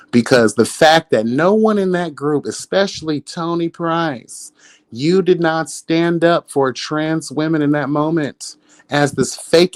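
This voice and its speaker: A man hosting a live reality TV review, roasting cast members in a sassy, profane way and laughing often. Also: fairly high pitch. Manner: sassy, profane, calls everyone girl and bitch. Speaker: reality show commentator, host.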